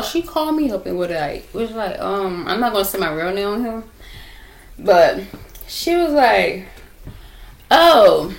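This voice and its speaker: A young woman vlogger with a medium-pitched voice and vocal fry tells her viewers a rambling story, repeating herself and addressing them directly. It's a casual chat recorded on a laptop at home.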